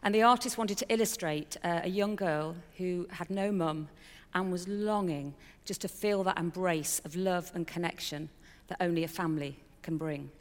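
A woman's voice: fairly low pitch, moderate pace, long reverb tail. A middle-aged woman giving a personal testimony in a candid, chatty storytelling way with fillers and a touch of self-mockery. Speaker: speaker sharing a personal testimony.

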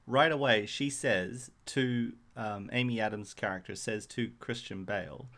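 A man's voice: on the low side, unhurried, a bit bright. A man co-hosting a podcast, critiquing a film in casual chat with wry, joking asides. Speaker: podcast co-host.

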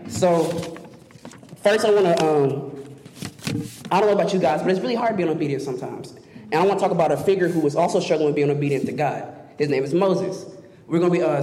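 Young man, excitable student preacher, rapid delivery, long hall reverb with faint background noise. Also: fairly high pitch. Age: young adult. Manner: excitable, rushes ahead. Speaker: student speaker. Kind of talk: youth sermon.

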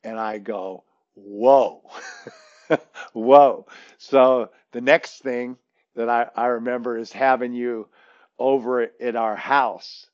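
A man's voice: medium pitch, fairly even intonation, unhurried, dull audio. A man who coaches basketball, telling a long story in casual chat, rambling with many restarts and fillers.

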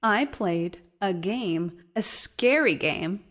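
A woman's voice: mid-range voice, animated, takes it slowly, fairly bright tone. A woman co-hosting a podcast in casual chat, chatty and giggly as she jumps between topics. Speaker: podcast co-host.

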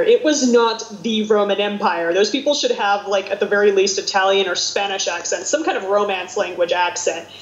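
A woman's voice: mid-range voice, moderate pace, few pauses, a little hiss or hum. A woman with a Midwestern American accent talks in a loose, rambling, self-deprecating way. She jokes at her own expense as she goes. Her voice sits in a roomy space, with a dull, somewhat lo-fi sound. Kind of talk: casual chat.

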